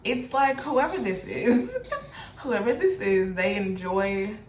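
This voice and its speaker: A woman doing a casual tarot reading, animated and profane, often breaking into laughter. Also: mid-range voice, slow. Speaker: tarot reader. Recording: echoey room with faint noise.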